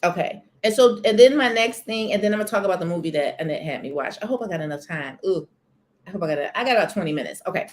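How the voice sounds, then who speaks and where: Talking quickly in a low-leaning, expressive voice, a woman hosts a casual live stream about celebrity news. She is in a corner of her home near a sunny window and greets viewers in the chat by name.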